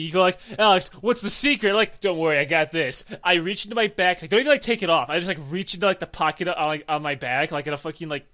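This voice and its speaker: A young man co-hosting a podcast, telling stories in animated, profane casual chat. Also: high voice. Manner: animated storytelling, swearing, laughing. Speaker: podcast co-host.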